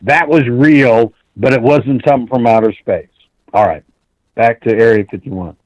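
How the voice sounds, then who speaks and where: A man's voice: mid-range voice, normal speed, no room sound, low-quality recording. A man calling in to a talk show, telling a long story bluntly and with lots of swearing, acting out the quoted dialogue. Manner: blunt, profane, animated, acts out quoted dialogue. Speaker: caller.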